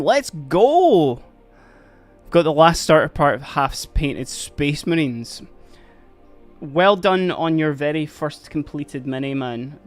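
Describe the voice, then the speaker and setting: A Scottish man hosting a casual livestream, chatty and upbeat, thanking viewers as he reads the chat. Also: on the high side. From Scotland. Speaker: livestream host.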